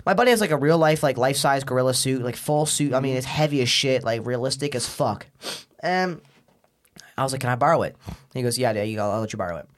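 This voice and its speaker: A man's voice: mid-range voice, fast talker. A teenage man telling crude, slang-heavy stories as a podcast guest, acting out the voices of other people. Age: teens. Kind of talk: casual storytelling chat.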